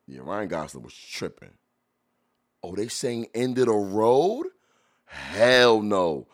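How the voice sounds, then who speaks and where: A man hosting a podcast, reacting to old videos in blunt, profane casual chat, laughing loudly as he jokes, into a studio mic. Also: lowish voice, big pitch swings, slow pace. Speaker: podcast host.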